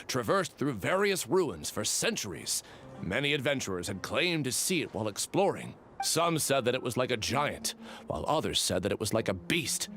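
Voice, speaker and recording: A man's voice: mid-range voice, a bit bright, slight background noise. An actor playing a chatty older village man who tells a local legend in a video game, folksy and talkative.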